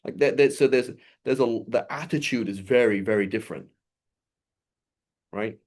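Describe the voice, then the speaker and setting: At a normal speed, a male religious teacher with a mid-range, darkish voice leads a casual lesson. He keeps things conversational, frequently asks "right?" to check in, and recites Arabic passages fluently.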